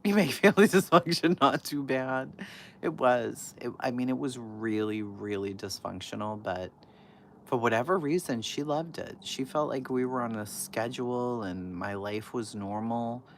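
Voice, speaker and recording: Animated, swearing woman telling stories. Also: very deep voice, moderate pace, a little hiss or hum. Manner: animated, profane, laughs often, swings from loud to hushed. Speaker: livestream host. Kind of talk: casual storytelling to a live chat.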